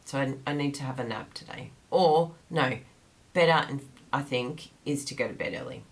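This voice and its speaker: Chatty woman host, low groggy morning voice, rambling livestream talk. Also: moderate pace. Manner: chatty and rambling, laughs often. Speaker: craft class host. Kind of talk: casual livestream chat.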